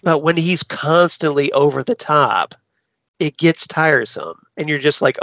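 A man's voice: on the high side, lively intonation, a little slow, a bit bright, no echo. A man co-hosting a podcast, chatting casually about a film in a wry, exasperated way. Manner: wry, exasperated, acts out quoted lines. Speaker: podcast co-host. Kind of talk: casual film review chat. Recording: dull lo-fi audio.

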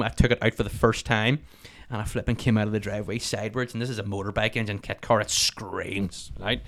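A man in his thirties with a Northern Irish accent, chatting as a podcast guest, animated and swearing freely. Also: mid-range voice. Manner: swears freely, animated storytelling, rapid talk. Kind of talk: casual interview chat.

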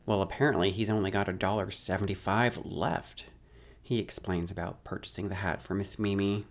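A man's voice: low voice, steady tone, normal speed. A man recapping a show's episode as a story, with wry, sardonic asides. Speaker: show recapper.

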